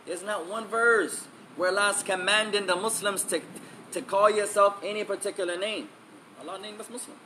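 Emphatic high-voiced man teaching. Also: steady tone, normal speed, bright, forceful tone, a little hiss or hum. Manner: emphatic, repeats key phrases; switches between English and Arabic recitation. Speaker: Islamic teacher. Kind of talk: religious lesson.

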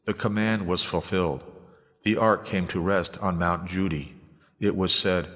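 Deep-voiced man reading scripture. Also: steady tone, measured pace, fairly bright tone. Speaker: reader. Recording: long hall reverb.

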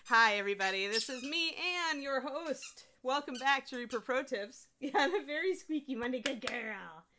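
A woman's voice: animated, moderate pace, background noise. A woman hosting a casual livestream, chatty and giggly, rambling about her week. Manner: chatty, giggly, talks to her dog in high baby voice. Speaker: host.

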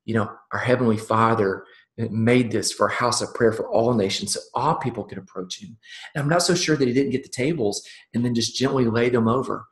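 A man delivers a sermon-style talk at a ministry summit, speaking earnestly and conversationally. He often restarts his sentences and checks in with his listeners. His mid-pitched voice rings with a roomy echo from a large hall. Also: brisk.

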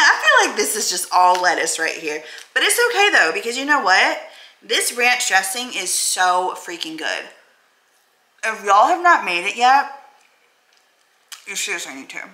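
A woman's voice: mid-range voice, bright, forceful tone. A woman vlogging straight to camera, emotional, blunt and self-affirming, who cusses freely. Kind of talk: candid talking-to-camera vlog. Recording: roomy echoey room.

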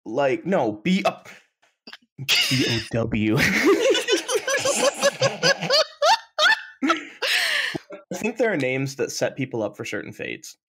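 A man's voice: medium pitch, sing-song, normal speed, fairly bright tone, husky. A man co-hosting a podcast in casual chat, rambling playfully through silly ideas. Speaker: podcast co-host.

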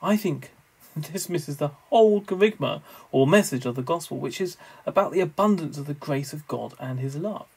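Creaky-voiced man giving a lecture. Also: fairly high pitch, expressive, darkish tone, rough recording. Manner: measured, scholarly, wry asides. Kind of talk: recorded theology lecture.

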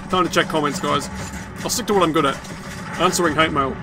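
A man giving casual, jokey commentary while playing a video game, excitable and sweary. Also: a little high, fast. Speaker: let's play gamer. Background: game music and sounds.

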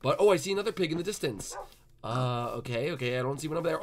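A man hosting a Minecraft roleplay video, chattering excitedly and coaxing the game animals along. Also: on the high side, fast, a little hiss or hum. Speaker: gaming channel host.

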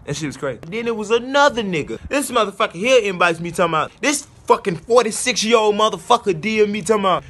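A man in his twenties telling a comedy storytime, profane and animated, with loud outbursts. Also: high voice, fast, few pauses. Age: 20s. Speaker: comedy vlogger.

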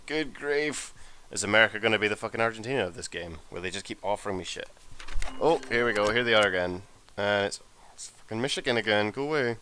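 A man giving casual, sweary gameplay commentary as a let's play host, excitable and muttering to himself as he plays. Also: on the low side, smooth.

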